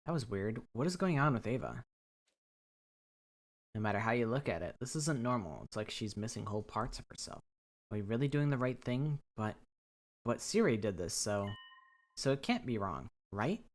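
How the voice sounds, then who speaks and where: A woman's voice: very deep voice, very animated, normal speed. A woman streamer reading a game aloud and chatting in a rambling, jokey, profane way.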